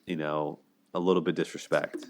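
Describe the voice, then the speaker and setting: A man's voice: rumbling low, level tone, moderate pace, slight background noise. A man casually talking through a TV relationship, full of fillers, paraphrasing scenes in a lightly acted tone. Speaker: video commentator. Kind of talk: casual commentary on a TV show.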